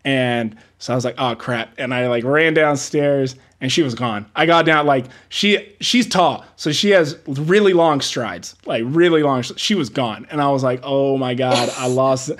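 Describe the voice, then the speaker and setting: With a medium-pitched voice, a moderate pace and few pauses, a production assistant older than his entry-level peers tells stories from film sets in a casual interview. He's animated, acts out quotes, and laughs often.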